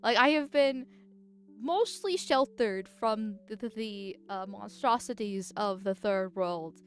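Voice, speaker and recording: The political vtuber talks slowly at a medium pitch through a voice changer, with soft background music. They chat casually and read chat, giggling and rambling with frequent restarts.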